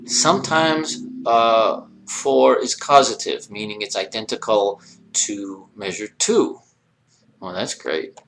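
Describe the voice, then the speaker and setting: A man's voice: on the low side, takes it slowly, vocal fry, a bit bright, a little hiss or hum. A man teaching a recorded lesson, explaining step by step and asking rhetorical questions as he goes. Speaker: Arabic teacher. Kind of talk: recorded lecture.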